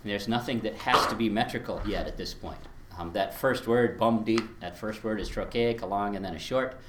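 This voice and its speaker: In a reverberant space with heavy background noise, a Latin teacher leads a workshop on verse rhythm. His voice is on the low side and fairly quick, and he's chatty, explaining with spoken examples and chuckling often.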